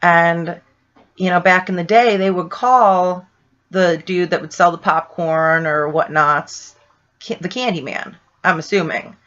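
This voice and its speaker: A woman's voice: on the low side, measured pace, a bit bright, lo-fi sound. A woman from Ohio casually telling a story, rambling, with lots of "like" and "right?". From Ohio, USA. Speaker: vlogger telling a paranormal story.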